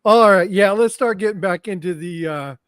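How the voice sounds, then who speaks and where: A man's voice: sits high, normal speed, clear, resonant tone, no echo. A man hosting a casual live stream, laughing often and reading comments from the chat.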